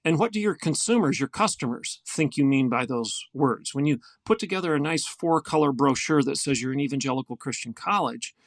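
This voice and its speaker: An older man with a gravelly voice, a guest telling a story in an earnest, emphatic way in a podcast interview. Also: medium pitch, animated, brisk, hardly any pauses, dry recording. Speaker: guest, former university president.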